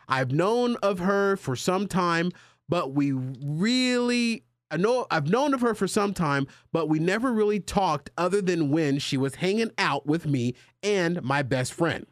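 A male podcast host in casual chat, animated and joking with his co-hosts as he reads out a listener letter. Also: a little high, no room sound, clean studio sound. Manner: animated, jokey banter with co-hosts.

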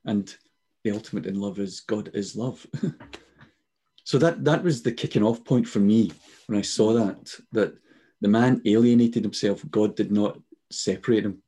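A man's voice: fairly low pitch, normal speed, husky. A man in his sixties in a casual faith conversation, telling stories and acting out the voices he quotes, heard over a video call. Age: 60s. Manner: animated storyteller, acts out quoted voices. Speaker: guest.

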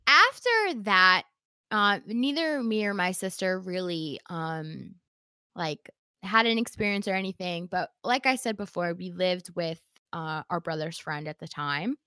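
A woman's voice: lowish voice, slow pace, smooth, no room sound, clean studio sound. A woman telling a story in casual chat, acting out the quoted lines with lots of "like" fillers. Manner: animated, acts out quoted dialogue, many "like" fillers.

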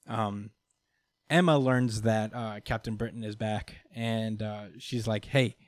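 A podcast host with a fairly low voice speaks slowly and fairly evenly, with no room sound. He casually recaps a comic book story, laughing often, swearing freely, and using lots of fillers.

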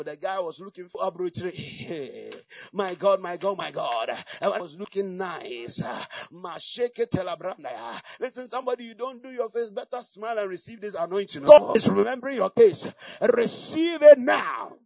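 A man preaching a charismatic sermon with fiery, shouted declarations and bursts of tongues. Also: sits high, creaky, dry recording. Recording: dull lo-fi, distant from mic, dry.

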